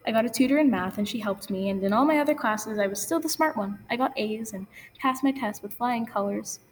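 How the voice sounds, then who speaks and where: A woman's voice: on the high side, fairly quick, big-room sound, slight background noise. A teenage girl sharing a personal story in an earnest, confessional spoken-word talk. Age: teens. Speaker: student speaker. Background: guitar music.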